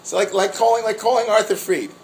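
A man teaching a class as a rabbi, telling a story in an animated, halting way with many restarts and laughs. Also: high voice, creaky, low-quality recording. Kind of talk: storytelling lecture.

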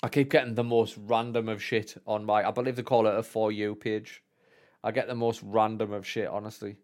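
A man's voice: on the low side, level tone, a little fast, darkish tone. A man, co-hosting a podcast in casual, rambling, sweary chat and mocking himself as he goes. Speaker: podcast co-host.

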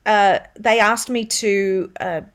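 A woman's voice: mid-range voice, slow. A woman with an Australian accent, a voiceover artist, telling stories as an interview guest and acting out the quotes. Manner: animated, laughing, acts out quotes. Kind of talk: interview storytelling.

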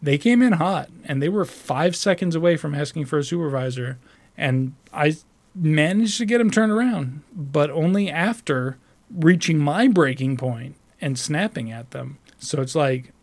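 A man's voice: fairly high pitch, moderate pace, creaky. Rambling, profane man telling a story. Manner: rambling, profane, frequent restarts; animated, mimics other voices while retelling. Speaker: call center customer service agent. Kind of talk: casual storytelling monologue.

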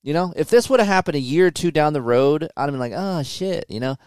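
A man in his forties co-hosting a podcast, telling his story in a casual, animated and impatient way, with many restarts. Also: on the high side, quick pace, clear, resonant tone, dry recording, clean studio sound. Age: 40s. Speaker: podcast co-host. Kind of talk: casual chat.

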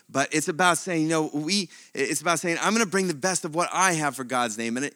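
Animated pastor with a bright, dry voice. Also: male voice, a little high, dry recording. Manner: animated, with sudden swings from loud to quiet. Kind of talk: sermon.

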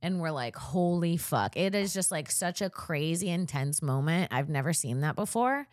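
Lower-voiced woman telling a story, dry sound. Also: normal speed, no room sound. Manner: animated storyteller, heavy use of "like". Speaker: comedian and podcast co-host. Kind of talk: casual chat, storytelling.

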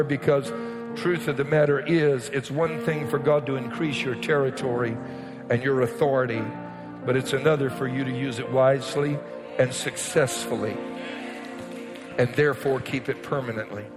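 A pastor preaching a sermon to his congregation, often shouting out his lines and then dropping to a quieter teaching voice. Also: a little high. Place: church sanctuary with congregation. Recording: long reverb in a church hall.

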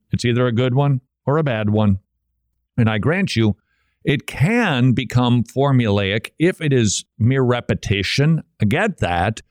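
A man hosting a talk show, giving opinionated commentary in a sarcastic, animated way. He grew up in Minnesota. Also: mid-range voice, no room sound, clean studio sound. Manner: animated, sarcastic, laughs often. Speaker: radio host.

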